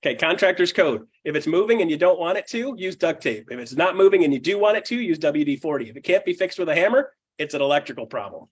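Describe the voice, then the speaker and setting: A fairly high-pitched man with a husky, slightly rough voice presents a live seminar to real estate agents. He talks bluntly and energetically, drops casual swearing, laughs a lot and keeps asking the room "right?". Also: animated, fast talker, hardly any pauses. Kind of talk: live seminar talk to an audience.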